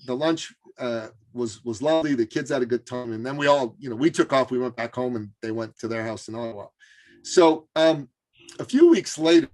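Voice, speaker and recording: A man telling a story as an interview guest, animated and full of fillers and restarts. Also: mid-range voice.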